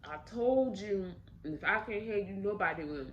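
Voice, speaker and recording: A woman's voice: medium pitch, animated, moderate pace, highs cut off, slight background noise, lightly acted. A woman voicing a jealous, stalking ex-boyfriend who pleads and then turns menacing.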